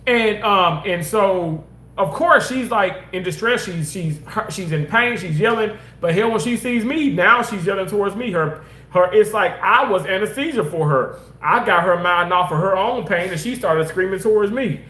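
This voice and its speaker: A man casually telling personal stories in an animated, rambling way, repeating himself for emphasis. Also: sits high, normal speed, roomy sound. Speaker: former hospital surgical worker.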